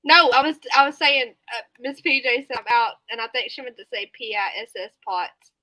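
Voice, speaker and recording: A bright, high-voiced woman with a drawl chats late at night on a live stream from her home. She reads viewer comments aloud and breaks into giggles and snorting laughs. The sound is dry and close. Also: a little fast, no echo, poor audio.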